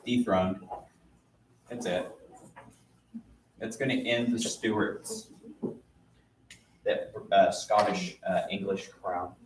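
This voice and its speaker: A man lectures his class in a relaxed, chatty way, drawing out his phrases. He sounds set back from the microphone in an echoey room, with a faint hiss underneath. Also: low voice. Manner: casual, chatty, drawn-out phrasing. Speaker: teacher. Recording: roomy, distant mic, faint noise.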